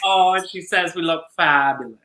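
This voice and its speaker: Campy drag co-host in an echoey room. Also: male voice, fairly high pitch, moderate pace, bright, forceful tone. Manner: campy, gushing, laughs a lot. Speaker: co-host of a drag review show. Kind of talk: casual live-stream chat.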